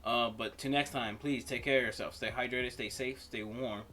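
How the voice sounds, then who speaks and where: A male reaction-channel host wraps up his video in a bright, forceful voice at a middle pitch. His delivery is relaxed and rambling, full of fillers. A faint noise sits in the background. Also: moderate pace. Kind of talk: casual video outro.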